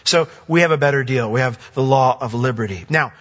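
A bright-voiced man preaching a sermon, leaping up to emphatic high points and then dropping to soft, low asides. His voice rings out with a long hall reverb, heard through a dull, lo-fi recording. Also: brisk. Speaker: pastor.

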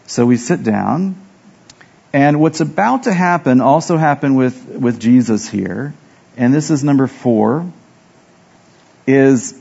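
A man's voice: mid-range voice, animated, moderate pace, creaky, a little mellow, slightly rough, muffled recording. A man preaching a sermon as pastor, telling self-deprecating stories and acting out the dialogue.

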